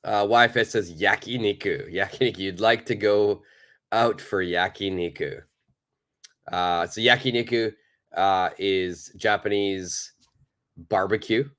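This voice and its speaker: Male English teacher, slightly low voice, energetic live-lesson delivery. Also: a little slow. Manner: lively, emphatic explaining, reads viewer comments aloud.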